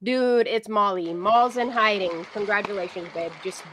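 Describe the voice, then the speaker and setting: A woman hosting a casual live stream, chatty and excitable, rambling through long asides and talking to her dog. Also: medium pitch, normal speed, background noise. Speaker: livestream host.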